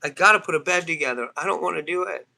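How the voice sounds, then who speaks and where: A man's voice: fairly high pitch, fast, vocal fry, bright, forceful tone. A man in his fifties chatting casually on a live stream, laughing often and answering chat comments. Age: 50s. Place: home, near a trailer.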